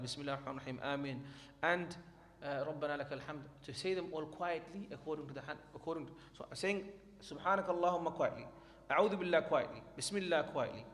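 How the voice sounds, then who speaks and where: A man's voice: fairly high pitch, a bit bright. A man teaching a class on prayer, explaining each point and reading from a textbook in a reassuring way. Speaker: Islamic studies teacher. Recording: long hall reverb, faint background noise.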